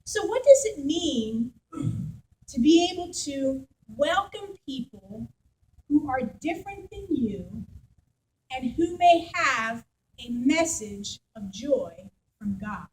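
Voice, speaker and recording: Brief: woman pastor, high voice, chatty animated sermon to her congregation. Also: takes it slowly, rough recording. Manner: animated storytelling, conversational with congregation. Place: church.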